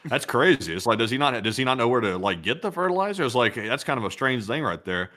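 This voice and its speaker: Co-host, male, bright forceful tone, reads donation messages, easygoing. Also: mid-range voice, fast talker. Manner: reads donations aloud, relaxed banter. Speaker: co-host reading viewer messages. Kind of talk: casual livestream chat.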